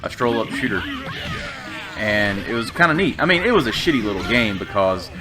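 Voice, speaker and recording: A man's voice: fairly low pitch, big pitch swings, fairly quick, music in the background. A man rambling through casual gameplay commentary, profane and full of fillers. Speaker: let's play gamer.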